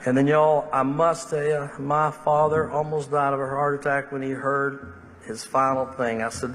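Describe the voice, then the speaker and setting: A man's voice: medium pitch, normal speed. Man giving a funeral eulogy in a reverberant hall. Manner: storytelling, shifting into lively quoted voices. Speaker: minister. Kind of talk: funeral eulogy with humorous anecdotes. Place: church sanctuary. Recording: long reverb of a large church hall.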